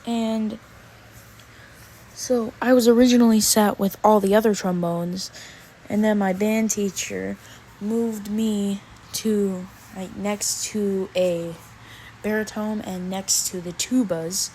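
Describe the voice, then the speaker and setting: A woman's voice: medium pitch, fairly even intonation, mellow, a little hiss or hum, rough recording. A teenage girl telling a storytime rant in a casual, exasperated, slangy way. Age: teens. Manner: exasperated, slangy, drawn-out pauses. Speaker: vlogger.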